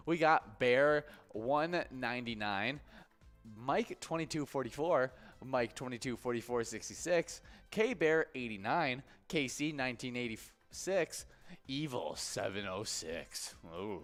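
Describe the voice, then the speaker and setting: A man with an average-pitched voice co-hosts a live bingo stream. He reads out lists of player names and chats casually. He often stops mid-sentence and fills gaps with "uh.". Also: expressive, a bit bright, faint music behind. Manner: laid-back, halting, with frequent "uh" fillers.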